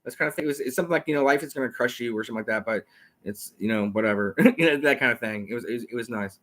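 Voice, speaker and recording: A man hosting a casual talk show, rambling and repeating himself as he talks fast. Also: medium pitch, lively intonation, fairly bright tone. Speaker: host. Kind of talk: casual chat.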